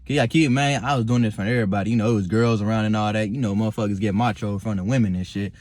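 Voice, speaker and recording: A young man vlogging to camera from his car at night, talking calmly and reflectively, rambling with many fillers and restarts and swearing freely. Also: fairly low pitch, racing, no echo. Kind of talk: casual talk to camera.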